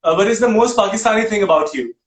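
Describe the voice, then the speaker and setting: A male host rattles off short questions at a brisk clip, teasing his guest along the way. His voice sits very high for a man, and the room rings around him. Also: animated, roomy sound. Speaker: talk show host. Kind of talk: quick-fire interview questions.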